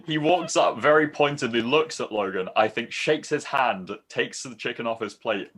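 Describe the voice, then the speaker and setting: A man, a podcast guest, chatting in a relaxed, self-deprecating way with casual swearing. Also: mid-range voice, moderate pace, breathy edge.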